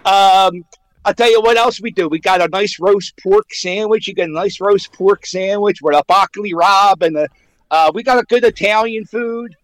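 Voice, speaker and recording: A brash man on a radio call-in, boasting and trash-talking. His voice sits high and is recorded dry and close, with no room sound. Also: moderate pace, no echo, low-quality recording. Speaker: caller, sports fan.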